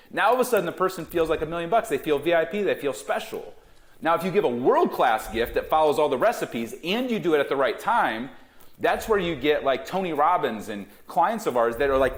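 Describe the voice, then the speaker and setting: Animated, punchy man talking business. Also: mid-range voice. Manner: emphatic, punchy, acts out quoted voices. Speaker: guest, gifting company founder. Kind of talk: animated business interview talk.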